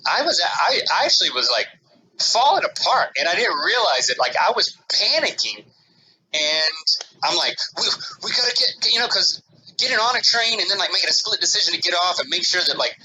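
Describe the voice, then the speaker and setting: A man co-hosting a casual podcast talks in a bright, sharp, somewhat high voice that swings widely in pitch. He rambles through his story with restarts and fillers. He bursts into loud reenactments of his own panicked words. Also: a little fast, a little hiss or hum, rough recording. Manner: animated, acts out his own panicked quotes loudly. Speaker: podcast co-host.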